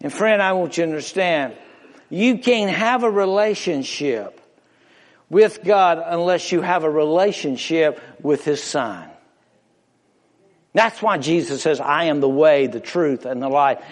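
A man preaching a sermon to a congregation in a church, impassioned, swinging from loud emphatic rises to hushed near-whispers. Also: fairly high pitch, slow, pauses often. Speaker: pastor. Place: church sanctuary before a congregation. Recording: long reverb of a large hall.

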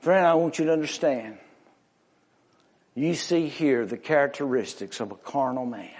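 A man preaching a sermon with an emphatic, drawn-out pulpit delivery. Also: fairly high pitch.

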